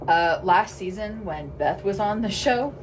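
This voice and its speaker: A woman in her twenties co-hosting a podcast, chatting casually, playful and quick to laugh. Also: medium pitch, lively intonation, a little hiss or hum. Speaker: podcast co-host. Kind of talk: casual chat.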